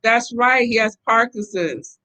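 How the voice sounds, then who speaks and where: A middle-aged woman from the Southern United States hosts a relaxed live stream. Her voice is bright and forceful as she chats away in an animated, talkative manner. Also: on the high side, unhurried. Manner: chatty and animated, laughing often. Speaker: host reading viewer comments. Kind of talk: casual live-stream chat.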